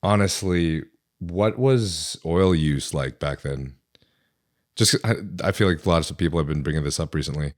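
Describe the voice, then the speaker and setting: A man's voice: a bass voice, normal speed. A young man in his twenties hosting a podcast, laid-back and joking in casual chat. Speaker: podcast host.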